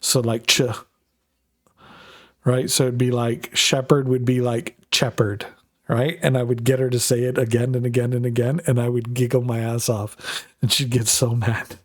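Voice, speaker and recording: A man's voice: mid-range voice, flat delivery, normal speed, dry recording. A man chatting casually to viewers while he plays a game on a live stream, talking in a loose, rambling way with plenty of swearing.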